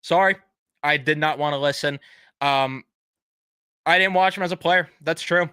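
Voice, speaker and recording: A young man with a bright, crisp, fairly high voice rants casually on a live stream. He swears bluntly and piles on sarcastic apologies. The sound is dry and close. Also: moderate pace, dry recording.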